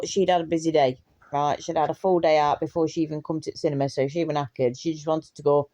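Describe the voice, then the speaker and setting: A woman's voice: low voice, steady tone, quick pace, dark tone. A young woman tells a casual storytime anecdote, laughing often and swearing freely. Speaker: vlogger.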